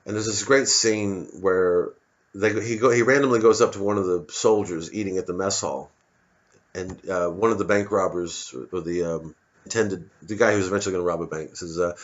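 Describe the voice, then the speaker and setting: Male comedian, low voice, rambling storyteller, muffled lo-fi sound. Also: normal speed. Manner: rambling, with frequent restarts. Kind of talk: rambling comic monologue. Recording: dull lo-fi recording.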